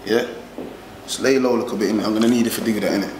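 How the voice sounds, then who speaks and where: An actor playing a calm, controlling young gang boss who talks with steady command. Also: male voice, on the low side, very fast, echoey room, slight background noise, close to an everyday voice, low-quality recording. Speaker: gang leader. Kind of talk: indie street film acting.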